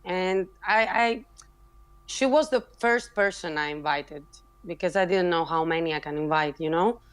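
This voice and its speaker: A woman talks with passion and emphasis in a relaxed online voice chat. Her voice is fairly low, and she often restarts her sentences as she pushes her point. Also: normal speed, clear, resonant tone. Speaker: community member introducing herself. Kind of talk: casual voice chat.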